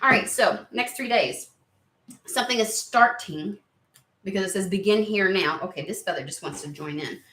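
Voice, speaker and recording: A woman chatting excitedly and rambling on tangents during a spiritual card reading video. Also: medium pitch, normal speed. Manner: excitable, rambling, lots of exclamations. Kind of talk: casual chatty reading vlog. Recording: roomy echo.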